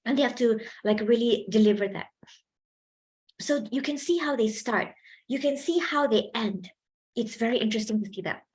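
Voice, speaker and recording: A woman's voice: fairly high pitch, normal speed, darkish tone. A young woman giving a chatty public speaking workshop to students, asking them questions and laughing often. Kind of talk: lively seminar talk to students.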